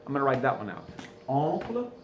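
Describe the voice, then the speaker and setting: A man's voice: a little high, expressive, normal speed. A man with a South Louisiana accent teaching French, going over answers and asking questions he answers himself. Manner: patient, asks questions and answers them himself. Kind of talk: recorded classroom lesson going over answers. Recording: echoey room, faint ambient noise.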